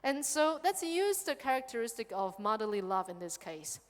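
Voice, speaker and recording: A woman with a fairly high voice teaches a Buddhist sutra as a nun giving a dharma talk. She keeps her lecture engaging and checks in with her listeners by asking "okay?" The sound carries a long hall reverb. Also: normal speed. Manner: lively, checks in with "okay?" often.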